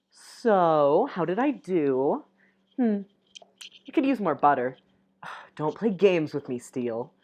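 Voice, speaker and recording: Young woman, lowish voice, reads a romance game aloud with soft giggly asides. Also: lively intonation, moderate pace. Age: young adult. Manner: reads lines softly, breaks off with giggly asides. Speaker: gamer reading a dating sim aloud. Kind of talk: reading game text aloud with reactions.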